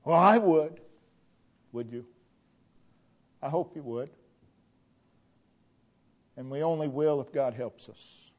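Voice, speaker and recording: A man preaching at an unhurried, deliberate pace in a fairly high voice. He drives home a repeated refrain, rising to loud declarations and dropping to near-hushed lines. The recording sounds muffled and lo-fi. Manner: slow, emphatic, repeats a refrain, swings between loud declarations and hushed tones. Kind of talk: sermon. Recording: dull lo-fi recording.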